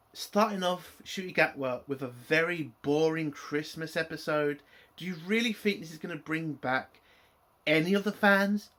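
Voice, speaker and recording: A man's voice: fairly high pitch, fairly bright tone. A man giving a blunt, opinionated spoken TV review, swearing freely.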